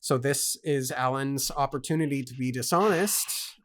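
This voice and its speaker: A man on a casual book club show, reading passages aloud and breaking off to react. He talks emphatically and stammers when he gets worked up. His voice sits at a middling pitch. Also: moderate pace.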